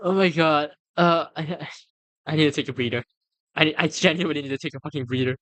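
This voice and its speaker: An excitable streamer reacts on a live stream, laughing often and cursing freely. The voice sits in a middle register, and the words tumble into stammers and restarts. The recording is dry and close, with no room sound. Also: mid-range voice, quick pace, dry recording. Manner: stammers and restarts when flustered.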